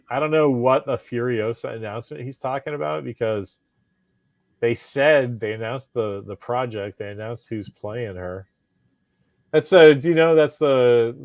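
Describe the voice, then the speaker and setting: A man co-hosting a casual podcast chat, animated and profane, often laughing. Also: mid-range voice, a little slow, dry recording. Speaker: podcast co-host.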